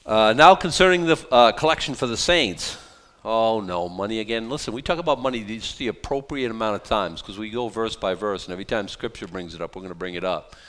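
Man, pastor, conversational sermon, joking asides, smooth resonant voice. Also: on the low side, fast talker, few pauses, a bit bright. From South Boston. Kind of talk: verse-by-verse sermon.

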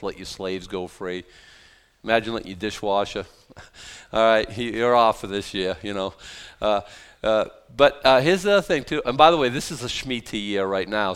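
Joking pastor, smooth voice. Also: male voice, fairly low pitch, fairly bright tone. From South Boston. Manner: conversational, joking asides, frequent restarts. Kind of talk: verse-by-verse sermon.

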